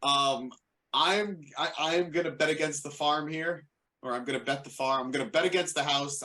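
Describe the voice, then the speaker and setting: A man's voice: a little high, moderate pace, bright, forceful tone. Playful, rambling man in casual chat. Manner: playful, rambly, corrects himself mid-sentence. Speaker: wrestling podcast co-host.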